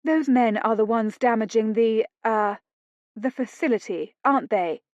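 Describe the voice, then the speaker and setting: A woman reading an audiobook, voicing a prim, sharp-tongued young lady with frosty indignation. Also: a little high, moderate pace, no room sound, natural voice. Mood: indignant. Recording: dull dry lo-fi studio read.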